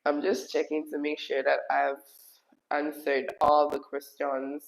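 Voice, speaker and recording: Gravelly-voiced Jamaican woman chatting on a live stream. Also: deep voice, monotone, unhurried, poor audio. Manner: chatty, laughs often, drops into patois. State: hoarse from being sick. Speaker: YouTube host answering live chat. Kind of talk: casual live-stream chat. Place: her kitchen, indoors.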